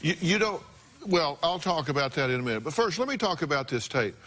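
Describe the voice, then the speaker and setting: A man's voice: on the high side, expressive, fairly quick, a bit bright. Blunt scolding male talk show host.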